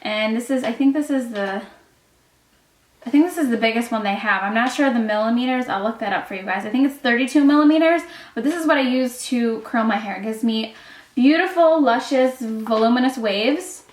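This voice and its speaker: A young woman talks to her viewers in a chatty, gushing beauty vlog, tumbling through fillers as she goes. Her voice sits a little high. The room around her rings with a noticeable echo. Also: a little fast. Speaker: beauty YouTuber. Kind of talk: casual vlog chat. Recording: echoey room.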